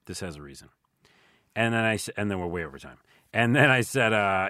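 A man's voice: fairly low pitch, fairly quick, pushed and bright, smooth, no echo, clean studio sound. A man hosting a podcast, chatting casually and telling playful stories. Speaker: podcast host. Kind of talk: casual chat.

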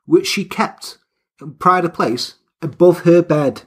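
A man's voice: on the high side, slow, breathy edge. A man hosting a podcast, telling a crime story from a script in a wry, jokey way. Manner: wry, jokey, slips into silly put-on voices. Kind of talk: half-scripted storytelling with banter.

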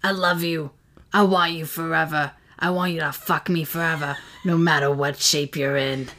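A woman plays a devoted young wife, coaxing and tender, her lines breathed out in a soft half-whisper. The voice sits a little low, hushed and intimate. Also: fairly even intonation, moderate pace, a little hiss or hum.

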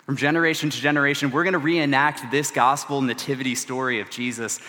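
A man, delivering a sermon as a church's student ministry director, earnest and measured with casual asides. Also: medium pitch, fairly even intonation, sharp tone. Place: large church sanctuary. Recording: long church-hall reverb.

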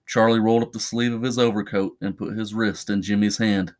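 A man narrating a horror story as a podcast host, measured and ominous. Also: mid-range voice, steady tone.

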